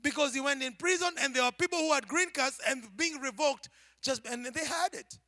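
A man preaching a sermon to his church, swinging from shouted climaxes to hushed, near-whispered asides. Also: extremely high pitch, fairly quick, no room sound, clean studio sound.

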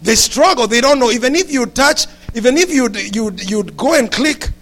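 A pastor delivers a sermon in a strikingly high-pitched male voice. He talks to the congregation in an animated way, climbing to shouts and dropping into quick asides.

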